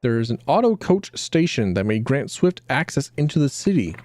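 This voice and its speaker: A male streamer chatting casually over a game, with a lively, bouncing pitch. He jokes crudely and often trails off in the middle of a thought. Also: moderate pace, no room sound, studio quality. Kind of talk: casual gaming commentary.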